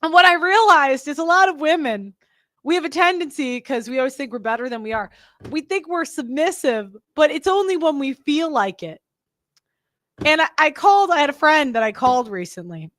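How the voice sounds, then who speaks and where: A woman's voice: high-pitched, animated, normal speed, a bit bright, no echo, studio quality. A young woman hosting a podcast, talking in a blunt, rambling, casual way with lots of fillers and restarts. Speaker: podcast host. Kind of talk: casual opinionated monologue.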